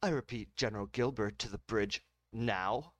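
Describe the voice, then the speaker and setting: A man's voice: lowish voice, normal speed, lightly acted. A man doing a formal shipboard PA announcer. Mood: announcing. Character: officer paging over a ship's PA.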